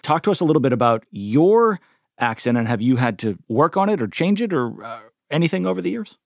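A man's voice: a little high, big pitch swings, a little fast, gravelly, dry recording, studio quality. A man hosting a radio talk show, asking loose, self-interrupting questions.

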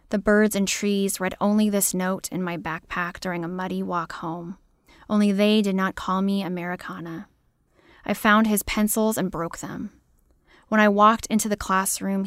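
A woman poet reading her own poems aloud in a measured, deliberate way. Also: medium pitch, no room sound, clean studio sound. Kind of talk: poetry reading.

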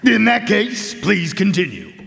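A man's voice: high voice, huge pitch swings, unhurried, gravelly, a bit bright, long reverb tail, faint music behind, exaggerated voice. A man voicing a dry, wry talking dog detective who takes notes, in a radio drama.

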